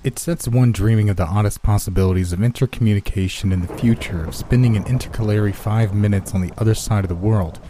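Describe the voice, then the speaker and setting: A man reading a classic short story aloud as a narrator, in a measured, even storytelling delivery. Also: fairly low pitch, background noise.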